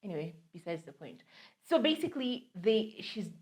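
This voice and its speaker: A woman's voice: mid-range voice, big pitch swings, normal speed. A young Kenyan woman, a podcast co-host, telling a story in casual chat, mixing English with Swahili slang.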